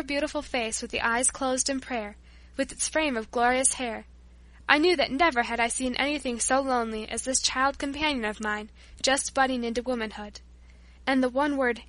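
Brief: a woman narrating a story, bright high voice, measured and steady. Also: dry recording. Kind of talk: scripted narration.

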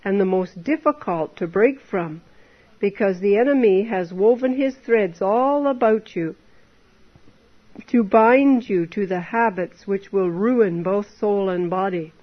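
A woman delivers an earnest temperance sermon at a slow pace, her voice sitting in the mid range. She urges her listeners on with a stream of rhetorical questions. The recording sounds dull and lo-fi.

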